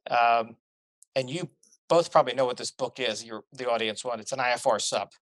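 A middle-aged man, a pilot guest on a podcast, telling lively stories in casual chat and laughing at his own tales. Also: mid-range voice, a little fast, dry recording.

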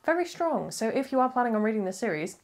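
A woman reviewing books in a casual, chatty vlog, rambling with quick asides and self-corrections. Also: on the high side, big pitch swings. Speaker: book reviewer.

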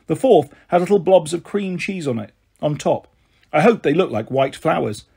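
Man narrator for a kids' book, husky, fairly high, steady and expressive. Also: moderate pace. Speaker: storyteller. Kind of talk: reading a children's book aloud.

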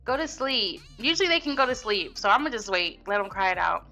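A young woman chats through her gameplay in a loose, slangy style, talking straight to her viewers. Her voice has a bright, clear edge. Soft music plays faintly underneath. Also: medium pitch, very animated, brisk. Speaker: gaming video host. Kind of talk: casual gameplay commentary.

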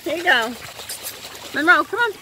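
A woman's voice: big pitch swings, normal speed. Woman coaxing her dogs by a pool. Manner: cheerful, high-pitched coaxing baby talk to dogs. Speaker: dog owner filming her pets. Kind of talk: casual vlog chat and coaxing pets. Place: outdoors by a pool. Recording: loud outdoor noise.

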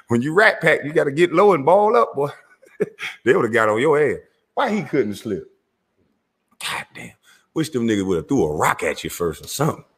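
A man's voice: medium pitch, very animated, normal speed, fairly bright tone, husky, in a large hall. A man doing crude, rowdy comedic commentary over video clips, heckling and laughing as he talks.

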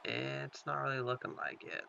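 A young man commentating his own football video game live, excitable, swearing, and talking to the screen. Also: mid-range voice, normal speed, vocal fry, lo-fi sound, slight background noise. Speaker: gaming commentator.

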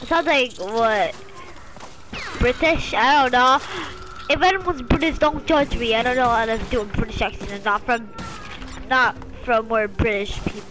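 A woman giving excitable gameplay commentary, talking to herself and swearing as she plays. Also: fairly high pitch, moderate pace. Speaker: gamer. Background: game music.

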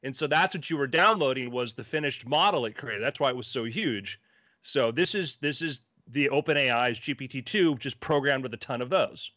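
A man co-hosting a casual podcast chat, explaining things in a quick, matter-of-fact way. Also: medium pitch, bright, forceful tone, dry recording. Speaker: co-host.

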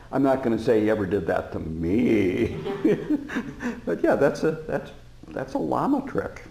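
A man giving a dharma talk as a Buddhist teacher, telling stories in a relaxed way with frequent fillers and chuckles. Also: medium pitch, takes it slowly, creaky, pauses often, slight background noise. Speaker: Buddhist teacher and former prison chaplain. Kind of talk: dharma talk to a live audience. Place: meditation center hall. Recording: roomy hall reverb.

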